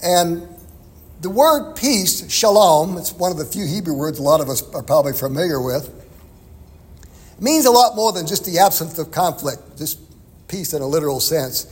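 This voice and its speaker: A man with a high, husky voice preaches through a scripture passage. He explains in a relaxed, conversational way and chuckles between points. His words ring out with a long reverb, as in a large hall. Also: normal speed. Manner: expository, conversational, chuckles often. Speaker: pastor. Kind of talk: sermon.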